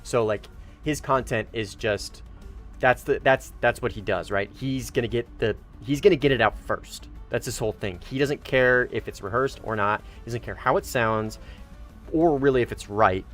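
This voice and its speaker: A man's voice: mid-range voice, normal speed, fairly bright tone, faint music behind. A man streaming a game and chatting with viewers, rambling and correcting himself as he goes, with casual swearing. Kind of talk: casual gaming livestream chat.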